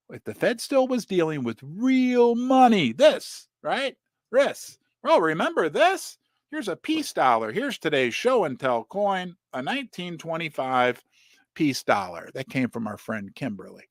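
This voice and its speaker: A middle-aged man hosting a casual livestream about precious metals, animated and rambling, talking straight to his viewers. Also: fairly high pitch, measured pace, dry recording, clean studio sound. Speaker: host of a precious metals channel.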